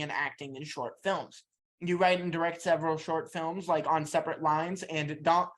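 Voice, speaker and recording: Host reading a guest's bio. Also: mid-range voice. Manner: reads long scripted biography, then asks questions. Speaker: podcast host, interviewer. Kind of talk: reading prepared interview questions and bio.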